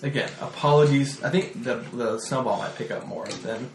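A man's voice: mid-range voice, moderate pace, roomy sound, noisy background. A man hosting a casual podcast chat over a meal in a small studio, effusive and enthusiastic, swearing casually. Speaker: podcast host. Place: small home podcast studio with foam panels.

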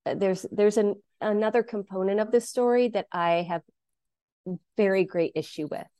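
A woman's voice: medium pitch, steady tone, moderate pace, dark tone, smooth, no room sound, clean studio sound. A woman co-hosting a podcast, chatting and then telling a researched story. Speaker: podcast co-host.

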